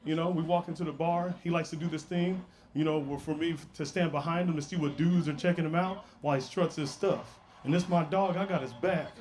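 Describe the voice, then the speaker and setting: A man's voice: on the high side, fairly even intonation, a little fast, few pauses, noisy background. A man doing a stand-up comedy set, telling stories in a brash, playful way with asides to the crowd.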